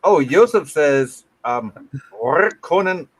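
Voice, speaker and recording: Lively, teasing, foul-mouthed man. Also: a little high, takes it slowly. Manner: crude, teasing, swears a lot. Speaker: guest. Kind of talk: casual group chat.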